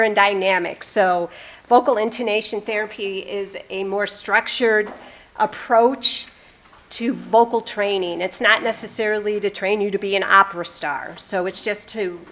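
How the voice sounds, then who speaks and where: A woman's voice: mid-range voice, fairly bright tone. A woman in her fifties, a music therapist, giving an upbeat live demonstration talk and coaching a volunteer in front of an audience. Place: presentation room with audience.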